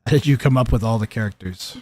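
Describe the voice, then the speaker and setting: A man's voice: medium pitch, fast, a little mellow, no room sound. A young man streaming a strategy game, chatting casually with viewers and commentating, rambling with lots of fillers and restarts.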